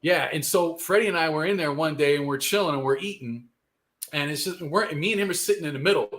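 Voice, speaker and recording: A man's voice: a little high, quick pace, fairly bright tone. A man, a guest telling a long rambling story in casual, profane street slang. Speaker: guest musician.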